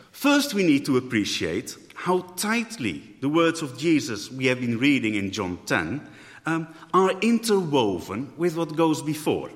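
A man's voice: on the high side, fairly bright tone. A man preaching a sermon in a thoughtful way, often rephrasing mid-sentence. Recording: echoey hall.

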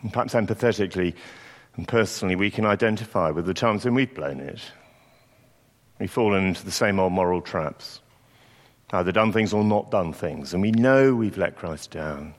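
A preacher with a low, expressive voice speaks at a moderate pace, reflectively recounting a story during his sermon and performing the quoted lines. Long hall reverb surrounds him.

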